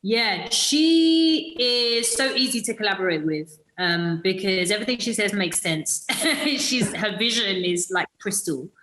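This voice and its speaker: Speaking at a measured pace with barely any pauses, the British actor sounds mid-pitched, expressive, and fairly bright. She discusses her role casually in an interview, hesitating and restarting often, and the audio is poor.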